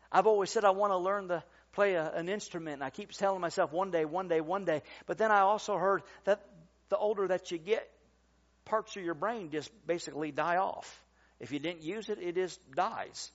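High-voiced man preaching a sermon. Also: lo-fi sound. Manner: emphatic, swings from loud to quiet, calls for amens. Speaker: pastor.

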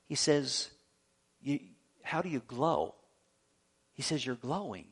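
A man's voice: on the high side, slow, breathy edge. A man preaching a sermon as pastor, telling a story, acting out the voices of the people in it and calling for amens.

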